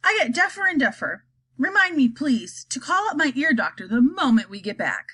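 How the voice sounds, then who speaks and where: A woman's voice: high-pitched, sing-song, moderate pace, fairly bright tone, pitched above the performer's own voice. A woman voicing a whimsical, eccentric male chocolate maker, grand and teasing in a storybook reading.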